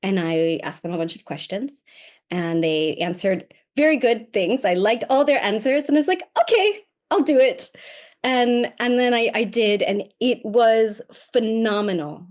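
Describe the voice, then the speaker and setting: A woman tells a personal story as a podcast guest in a mid-pitched voice. Her delivery is casual and animated, often mocking herself. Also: moderate pace. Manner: animated and self-mocking, acting out quoted voices.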